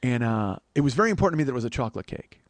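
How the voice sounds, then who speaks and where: A man's voice: medium pitch, rapid-fire, dry recording. A man telling a long comic story on a podcast, swearing freely and acting out both sides of a conversation. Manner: profane, animated storytelling, breaks into laughter.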